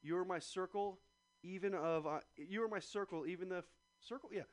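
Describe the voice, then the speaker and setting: A man's voice: sits high, fairly quick, dry recording. Joking, cursing male radio host. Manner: swearing, joking, reads letters aloud. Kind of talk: casual chat reading a letter aloud.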